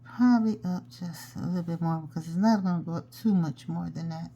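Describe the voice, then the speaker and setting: A woman's voice: lowish voice, fairly quick, mellow, slight background noise. A woman hosting a hands-on craft tutorial, chatting casually and talking to herself as she works. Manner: chatty, talks to herself while working. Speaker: jewelry-making tutorial host.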